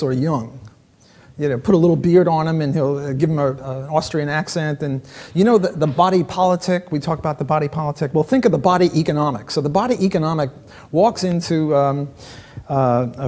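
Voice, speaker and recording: A man delivers a conference lecture in a somewhat high voice. He is sarcastic and jokey, breaking his sentences with "uh" and quick restarts as he mocks ideas in front of a live audience. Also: darkish tone. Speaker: economics lecturer. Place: conference hall.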